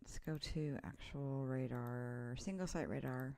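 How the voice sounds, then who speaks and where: A woman with a low voice and a gravelly edge hosts an informal live weather update. She talks through storm warnings in a relaxed, chatty way, reading out place names as she goes. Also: measured pace. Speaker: weather presenter.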